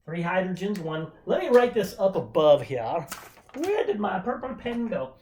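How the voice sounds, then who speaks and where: A woman's voice: medium pitch, very animated, normal speed, a little mellow, slight background noise. A woman teaching a chemistry lesson remotely in a chatty way, with joking asides while she counts aloud. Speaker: chemistry instructor. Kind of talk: casual remote lecture.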